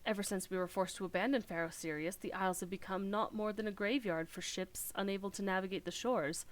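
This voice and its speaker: A woman's voice: medium pitch, fairly even intonation, brisk, close to an everyday voice. A woman voicing a formal, solemn official. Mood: grave.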